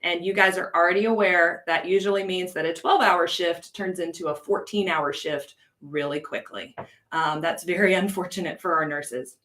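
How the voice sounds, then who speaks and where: A woman's voice: on the low side, fairly bright tone. An American woman coordinating an ESL program, teaching on a casual live stream, chatty, laughing often and answering viewers' comments.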